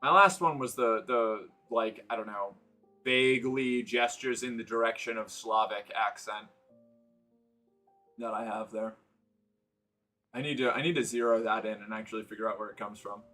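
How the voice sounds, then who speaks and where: Bright-voiced rambling man streamer. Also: on the low side, normal speed, soft background music. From New England, United States. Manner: rambling, many fillers and restarts. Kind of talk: casual stream chat, reading chat aloud. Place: indoors, sitting on the floor.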